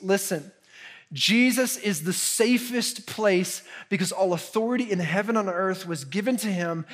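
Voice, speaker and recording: A male pastor gives a sermon in a fairly high voice. He preaches in an earnest, conversational way and often sinks to a hushed intensity.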